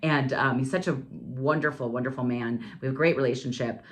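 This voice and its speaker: Chatty, low-voiced woman podcast host. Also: steady tone, brisk. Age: 40s. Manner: chatty and candid, with dramatic high-pitched exclamations. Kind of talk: casual solo podcast chat. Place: home office.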